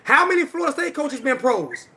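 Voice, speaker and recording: High, bright-voiced man in heated argument. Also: big pitch swings, fairly quick, vocal fry. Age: 40s. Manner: argumentative, loud, repeats himself for emphasis. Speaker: host. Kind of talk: heated sports trash talk.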